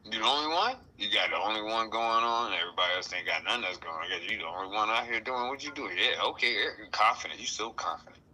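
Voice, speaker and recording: A man giving a casual spiritual talk, playful and animated, often acting out other people's voices. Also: lowish voice, fast talker, hardly any pauses, a little hiss or hum, low-quality recording. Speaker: guest speaker.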